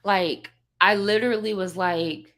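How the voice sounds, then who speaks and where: A young woman talks casually to her livestream viewers from her bedroom, rambling and candid. She sounds worn out and overwhelmed as she vents. Her voice sits at an ordinary middle pitch. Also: fairly even intonation, unhurried, a bit bright. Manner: candid, rambling, emotional venting. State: tired and overwhelmed. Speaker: livestream vlogger. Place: bedroom at home.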